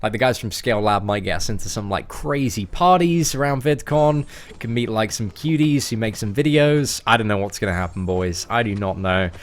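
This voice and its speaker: A man's voice: fairly low pitch, animated, moderate pace. A young man, chatting in a rambling, slangy way while livestreaming a game from home. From England. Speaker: gaming livestreamer. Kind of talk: casual livestream chat.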